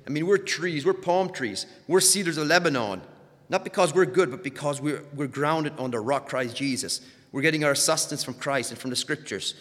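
A man preaching a sermon who stumbles over repeated words and surges louder on key points. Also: fairly high pitch, a little fast, long reverb tail.

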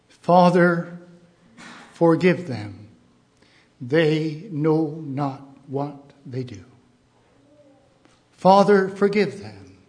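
Man, preacher, high-pitched, unhurried, emphatic sermon delivery, repeats phrases.

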